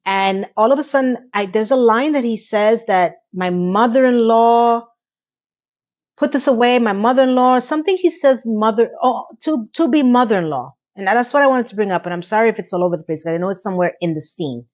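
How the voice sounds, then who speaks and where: A woman giving a casual, opinionated TV recap, chatty and rambling with quick asides, now and then acting out lines from the show. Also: fairly high pitch, animated, dull audio. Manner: acts out characters' lines in quick quotes. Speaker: TV recap reviewer.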